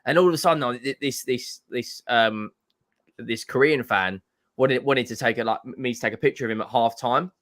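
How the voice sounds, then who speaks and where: A young man co-hosting a football fan livestream, telling animated, jokey stories in casual chat. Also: mid-range voice. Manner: animated storyteller, jokey, quick restarts.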